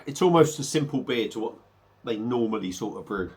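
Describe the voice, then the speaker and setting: A man's voice: mid-range voice, lively intonation, brisk, a little mellow. A man talking casually through a beer review, a little under the weather, rambling with hesitant fillers.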